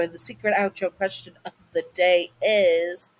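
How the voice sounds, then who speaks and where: A woman's voice: fairly low pitch, steady tone, moderate pace, poor audio. A woman casually reading a second-person fan audio story, often stumbling over and restarting words.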